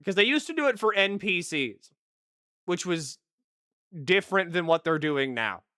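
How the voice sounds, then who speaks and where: A man streaming a video game, giving profane, animated commentary while he plays. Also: sits high, normal speed, smooth, dry recording. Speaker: gaming streamer. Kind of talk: live-stream gameplay commentary. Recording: game music behind the voice.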